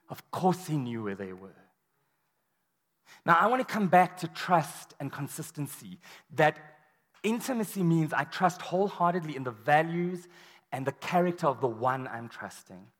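A man with a high voice preaches a sermon, telling the story vividly and slipping into acted-out quotes. His voice rings with the long reverb of a large hall or church. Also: animated, normal speed, fairly bright tone.

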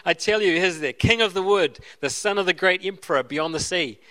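A man's voice: high voice, a little fast, bright, forceful tone. A man reading aloud as a stern, proud male beaver from a storybook, speaking emphatically. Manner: emphatic, insistent.

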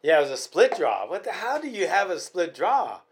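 A man's voice: high voice, big pitch swings, moderate pace. A man chatting casually about fights as a podcast host, rambling and restarting his sentences often.

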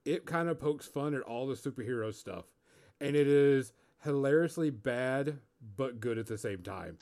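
A man's voice: medium pitch, lively intonation, normal speed, a little mellow. A man co-hosting a casual movie podcast, easygoing and laid-back as he tells about a film. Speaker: podcast co-host. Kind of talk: casual movie review chat.

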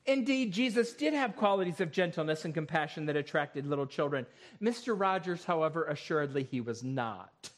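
High-pitched guy preaching in church, reads the bible loud and strong then calms down to explain. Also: fairly quick. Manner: reads scripture aloud with rising force, then explains in a calmer voice. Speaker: pastor. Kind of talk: sermon. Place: church sanctuary.

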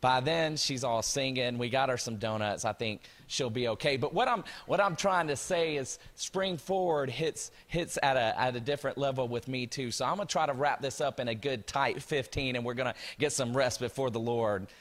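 A man's voice: mid-range voice, normal speed, hardly any pauses, fairly bright tone. A man, a pastor joking with the congregation and telling a family story during church announcements. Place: large church hall. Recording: reverberant church hall with music.

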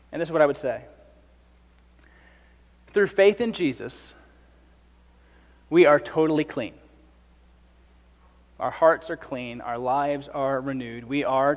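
Man, pastor, conversational sermon, high voice, long reverb. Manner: conversational, acts out the speakers in the passage.

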